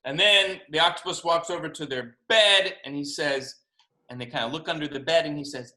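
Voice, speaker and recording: A man, a children's author, reading his picture book aloud to first graders over a video call, expressive and asking them questions. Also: on the high side, moderate pace. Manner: animated, expressive, asks kids questions. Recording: roomy video call audio.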